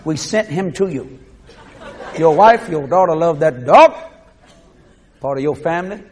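God as a stern scolding voice, put on by a preacher, high and lively. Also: male voice, unhurried. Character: stern commanding God speaking to a man.

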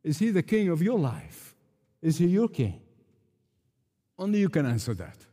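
A man's voice: a little high, wildly swooping pitch, moderate pace, dark tone, husky. A man preaching a sermon with emphatic, repeated rhetorical refrains. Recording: long reverb of a large hall.

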